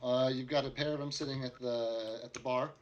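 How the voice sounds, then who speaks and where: A man's voice: medium pitch, fairly even intonation, fairly quick, lo-fi sound, a little hiss or hum. A man narrating a tabletop game as game master, casual and full of fillers.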